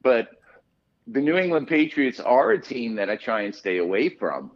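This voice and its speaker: A man who is a guest on a podcast, telling stories in lively casual chat with plenty of swearing. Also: medium pitch, normal speed, dull audio, a little hiss or hum. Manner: animated, profane storyteller.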